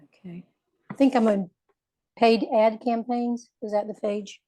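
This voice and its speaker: Mellow, tentative woman on a dry call. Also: a little high, steady tone, unhurried, no echo. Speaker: class participant. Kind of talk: casual questions on a call.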